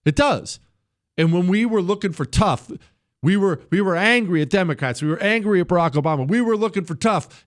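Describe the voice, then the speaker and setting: Blunt American talk radio host. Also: male voice, smooth, no room sound, studio quality. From United States. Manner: blunt, conversational, swinging between punchy highs and low asides. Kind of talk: solo political talk radio monologue.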